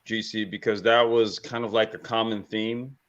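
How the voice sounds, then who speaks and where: A man who is a guest on a casual panel chat, talking in an animated, profane way and repeating himself. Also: lowish voice, normal speed. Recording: lo-fi remote audio.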